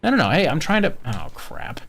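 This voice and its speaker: Chatting through a game in a fairly quick, gravelly, slightly rough voice, this streamer keeps things casual and animated. The pitch jumps around a lot, and laughs and casual swearing come often.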